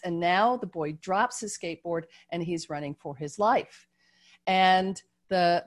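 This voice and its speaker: A woman leads a group video call, teaching through a slowly unfolding story. Her delivery is gentle and unpolished, full of ums and restarts, and she sounds like she is talking into a video-call microphone. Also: fairly low pitch. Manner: gentle, with frequent fillers and restarts.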